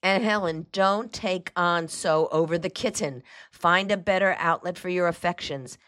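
Woman reader doing a harsh, impatient aunt, low voice, sharp orders. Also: moderate pace, dry recording, studio quality, close to an everyday voice. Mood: scolding. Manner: sharp, scolding commands. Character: bossy middle-aged aunt, harsh and impatient.

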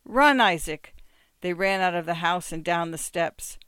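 A reader narrating a short story as an audiobook, measured and steady. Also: mid-range voice, clean tone, no echo.

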